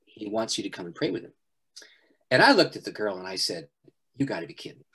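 A middle-aged man, a pastor, telling a personal story in an interview, animated and often laughing. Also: lowish voice, quick pace, breathy edge. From Canada.

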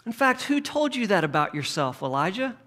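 A man preaching a sermon, swinging from emphatic questions to hushed near-whispers. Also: sits high, very animated, fairly quick. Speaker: pastor.

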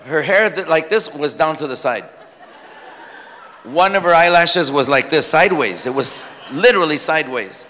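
A male pastor preaching a sermon, telling stories with lively humor. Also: on the high side, normal speed, slight background noise. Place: church sanctuary. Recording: long church hall reverb.

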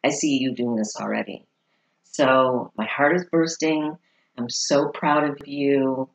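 A parent reading a prepared congratulation letter aloud in a heartfelt, measured way. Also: mid-range voice, fairly even intonation, gravelly, poor audio. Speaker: parent sending a congratulation message.

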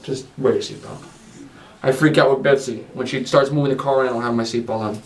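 A man's voice: mid-range voice, fairly even intonation, quick pace, low-quality recording. A young man bantering with his partner in their home at night, dry and teasing, grumbling good-naturedly. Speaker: vlogger's partner.

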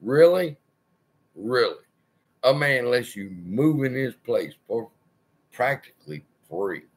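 Man, husky voice, slow profane rant, wildly swinging pitch. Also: lively intonation. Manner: profane, heated ranting. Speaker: channel host. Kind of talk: personal rant to camera.

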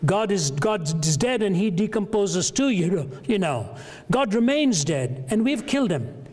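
A man reading as a frantic madman, booming through a hall. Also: sing-song, unhurried, a little mellow, exaggerated voice. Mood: anguished. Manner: declaiming, rising urgent questions. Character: frantic male madman crying out in grief. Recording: long reverb of a large hall.

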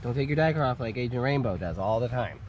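A man hosts a casual camping vlog from a tent at an island campsite, playful and teasing. His voice rises and falls in a lively way as he coos at a baby goat. The recording carries a steady outdoor noise. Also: mid-range voice, quick pace. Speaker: vlog host.

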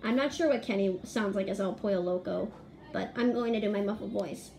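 A woman narrating a casual video in a chatty, excited way as she walks through her fan drawings one detail at a time. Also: medium pitch, brisk, creaky.

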